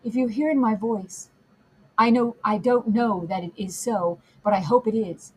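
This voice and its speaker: A woman's voice: fairly high pitch, darkish tone, slight background noise, lightly acted, low-quality recording. A woman reading a pleading young daughter. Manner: pleading, imploring, repeated phrases. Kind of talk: audiobook character reading.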